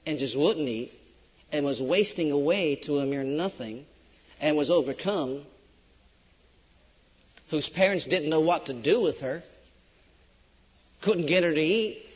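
High-voiced preacher man in a reverberant hall. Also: husky. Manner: emphatic, swings between loud preaching and hushed storytelling. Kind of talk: sermon. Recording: dull lo-fi recording with long hall reverb.

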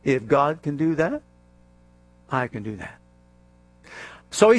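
A man preaching a sermon with a lively, swooping delivery, often joking and acting out little scenes. His voice sits fairly high for a man, and the sound is dry and close. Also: slow, long pauses, no room sound. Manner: animated and jokey, acts out scenes.

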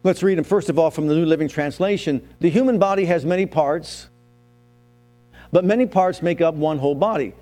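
A pastor preaching a sermon in a mellow, fairly high voice, a man who tells his own story and keeps asking his listeners questions. Faint instrumental music sits behind him. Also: a little fast.

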